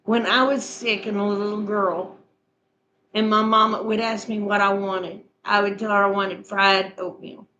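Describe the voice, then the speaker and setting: A woman's voice: medium pitch, flat delivery, a little slow, pushed and bright, dull audio, slight background noise. A middle-aged woman chatting casually with her viewers and walking them through a recipe in a homespun, repetitive way. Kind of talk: casual chat, recipe instructions.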